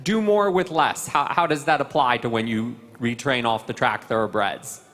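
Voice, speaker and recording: A man's voice: medium pitch, moderate pace, a bit bright. Man announcing in an echoing arena. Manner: formal, ceremonial announcing with light jokes. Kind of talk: live event announcing. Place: large covered horse arena. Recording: long echo of a large covered arena.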